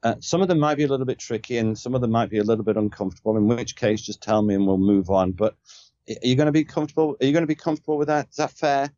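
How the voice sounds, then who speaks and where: A man's voice: mid-range voice, steady tone, racing, mellow, no room sound, lo-fi sound. A man who is a sales trainer and podcast guest, talking in an emphatic, coaching way and often firing off rhetorical questions. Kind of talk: conversational coaching.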